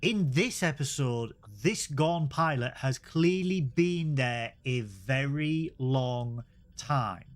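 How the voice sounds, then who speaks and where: A man, co-hosting a casual review podcast, recapping in an animated, playful way. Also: medium pitch, slow pace. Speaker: podcast co-host.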